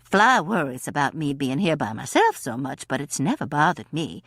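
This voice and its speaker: A woman's voice: low-pitched, very animated, moderate pace, a bit bright, slightly rough, no room sound, clean studio sound, pitched below the performer's own voice, heavily acted. A woman voicing a plump, cheerful old-hippie woman who talks in a chatty, plainspoken way.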